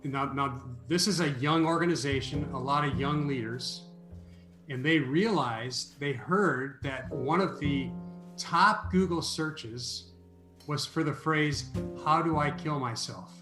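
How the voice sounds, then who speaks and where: A man telling a story as an interview guest, animated and prone to restarting his sentences. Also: fairly high pitch, slow pace, reverberant, music in the background. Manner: animated storyteller, repeats words when starting.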